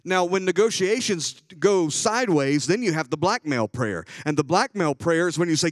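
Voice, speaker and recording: Bishop preaching, male, high-ish voice, dramatic storyteller shifting from hushed to loud, dry close recording. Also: animated, moderate pace, hardly any pauses, no room sound. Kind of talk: sermon.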